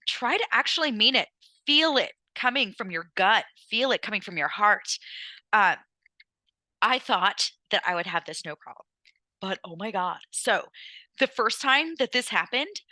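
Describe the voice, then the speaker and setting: A woman's voice: medium pitch, expressive, normal speed, bright, forceful tone, no echo, poor audio. A young adult woman hosting a podcast, talking candidly in a casual, profane style full of "like" fillers. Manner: casual, swears freely, lots of "like" fillers. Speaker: podcast host. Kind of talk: candid personal podcast monologue.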